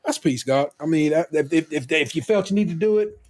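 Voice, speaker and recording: A man's voice: on the high side, fast, a little mellow. A middle-aged man co-hosting a podcast, telling stories about his family in a loose, rambling way with frequent restarts and casual swearing. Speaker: podcast co-host.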